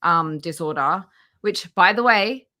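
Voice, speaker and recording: A woman's voice: on the low side, unhurried, pushed and bright. A woman hosting a casual livestream, chatty and laughing often as she greets viewers by name. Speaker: livestream host.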